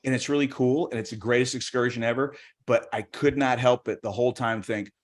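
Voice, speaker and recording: A man's voice: mid-range voice, steady tone, a little fast. A man doing stand-up comedy on a video call, chatty and rambling, with plenty of restarts and put-on voices. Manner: chatty, rambling, self-interrupting, acts out voices. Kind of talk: stand-up comedy on a virtual show.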